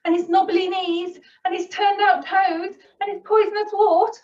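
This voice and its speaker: A woman children's yoga teacher telling a picture-book story to a kids' class, slow and expressive. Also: extremely high pitch, echoey room, recorded from a distance, highs cut off. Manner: slow, expressive and sing-song.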